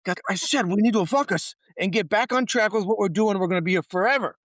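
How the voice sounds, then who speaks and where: A man's voice: sits high, expressive, fast talker, dry recording, clean studio sound, pitched above the performer's own voice. A man putting on a stern businessman demanding focus. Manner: stern, insistent.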